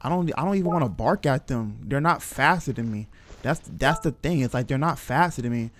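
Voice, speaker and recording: A man's voice: medium pitch, lively intonation, a little fast, a bit bright. A young man streaming a horror game, reacting casually with slang and talking to his chat. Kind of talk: live gameplay commentary.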